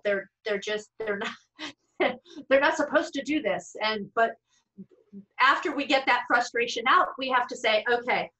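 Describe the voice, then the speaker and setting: Over a video call, a middle-aged woman who works as a speech-language pathologist walks fellow clinicians through cases. Her medium-pitched voice sounds bright and forward, and she chats freely, restarting sentences and slipping in self-deprecating asides. The audio quality is poor.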